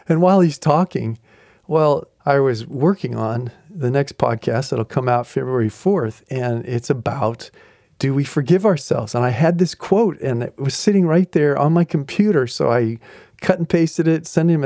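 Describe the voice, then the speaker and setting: Male podcast host, fairly high voice, mellow tone, chuckling, animated faith storyteller. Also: normal speed, gravelly, no room sound, clean studio sound. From New England. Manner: animated, chuckling storyteller who acts out quotes. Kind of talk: faith-based storytelling talk.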